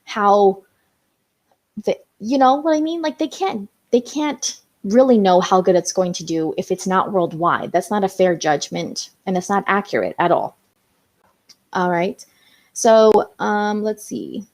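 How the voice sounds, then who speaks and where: A woman's voice: mid-range voice, lively intonation, measured pace, darkish tone. A young woman hosting a casual live stream, chatting with viewers and reading out their comments, with lots of "um" and "you know". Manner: chatty, reads out viewer comments, many fillers.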